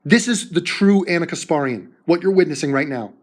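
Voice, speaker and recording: A man's voice: on the high side, expressive, fairly quick. A man commenting over video clips with crude insults, mocking and laughing as he talks.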